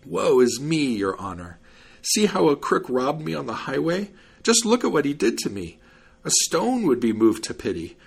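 A man doing a shrill, wailing old peddler. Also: sing-song, moderate pace, vocal fry, slightly rough, heavily acted. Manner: high, shrill and pleading.

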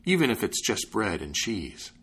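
A man voicing a gruff, hungry miller in a fairy-tale reading, blunt and demanding. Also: lowish voice, huge pitch swings, moderate pace, fairly bright tone, full character voice. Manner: blunt and demanding, bursts out in amazement. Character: gruff hungry grown male miller, easily amazed.

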